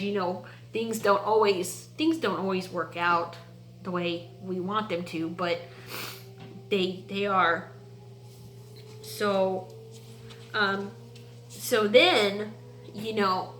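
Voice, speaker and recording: A woman vlogger sharing a personal faith testimony from her home basement, earnest and halting, with many pauses and restarts. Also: mid-range voice, fairly even intonation, a bit bright, slight background noise. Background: washing machine running.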